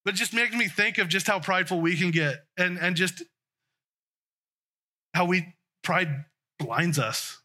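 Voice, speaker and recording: Man preaching, conversational, bright sharp voice, slightly high pitch, restarts sentences. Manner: conversational, with restarts and trailing phrases. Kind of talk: sermon.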